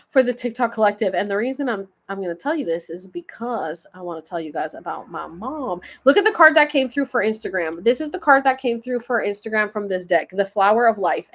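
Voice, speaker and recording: A woman hosting a casual spiritual livestream, chatting and rambling, often losing her thread. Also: medium pitch.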